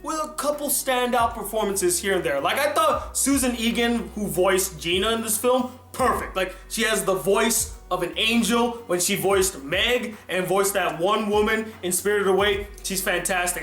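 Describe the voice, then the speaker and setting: Animated male film reviewer, high pitch; roomy sound. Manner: animated, emphatic and exclamatory. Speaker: film reviewer and channel host. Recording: roomy echo with faint music.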